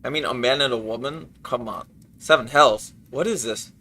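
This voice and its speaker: A man's voice: mid-range voice, moderate pace, sharp tone. A man streaming a game, chatting casually and ad-libbing jokes over it. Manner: jokey, ad-libbing, breaks into laughter. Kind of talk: casual gaming stream chat.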